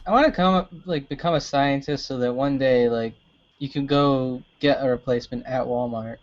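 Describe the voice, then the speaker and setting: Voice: mid-range voice, moderate pace. A player at a tabletop game, chatting casually with a lot of filler words. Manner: rambling, lots of "like", giggly. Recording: dull lo-fi recording.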